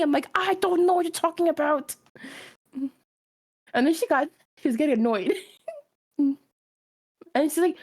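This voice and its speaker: A woman with a fairly high voice chats casually on a drawing stream. She tells stories with lots of energy, and her voice jumps way up whenever she acts out what someone said. She laughs often and restarts her sentences. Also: lively intonation, moderate pace, long pauses, a little mellow. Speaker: stream co-host. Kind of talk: casual chat while drawing.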